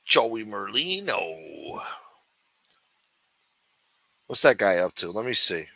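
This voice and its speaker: Man, livestream host, sarcastic and rambling, lots of swearing, bright crisp tone, dry close mic. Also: lowish voice, big pitch swings, takes it slowly, no echo. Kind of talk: casual profane commentary.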